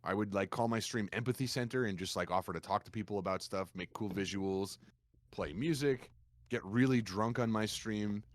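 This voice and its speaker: A man with a low voice, a streamer guest on a podcast, telling his stories in a lively, animated way. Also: normal speed, no echo. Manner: animated storyteller, acts out quoted gamers in a raised voice. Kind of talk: casual podcast conversation.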